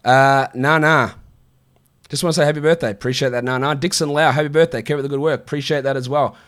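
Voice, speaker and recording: A man's voice: medium pitch, steady tone, fast talker, a bit bright. A man hosting a casual live-stream show, answering viewer questions in a chatty, offhand way. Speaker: fantasy basketball show host.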